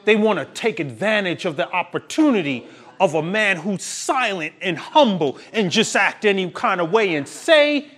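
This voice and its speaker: A man's voice: high-pitched, lively intonation, moderate pace, fairly bright tone. A male pastor preaching a sermon with emphatic, preachy delivery and laughing at his own points.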